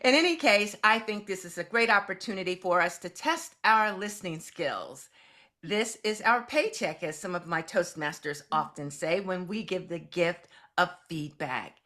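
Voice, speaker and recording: A woman leading a segment of an online club meeting on a video call, calling speakers up with measured, formal introductions. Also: fairly low pitch, expressive, pushed and bright. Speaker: meeting facilitator.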